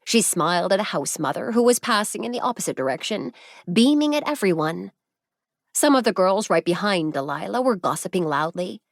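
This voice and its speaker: Using a mid-range voice, a woman tells an audiobook story in an even, measured manner. The sound is clean and studio-made, with a dry recording.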